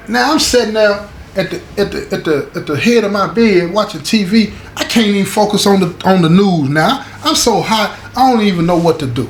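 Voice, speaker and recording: A man casually telling a story from his time inside, talking in an animated, slangy way and often checking in with his listeners. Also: high voice, fast. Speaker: show host recounting prison stories. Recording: echoey room with faint background noise.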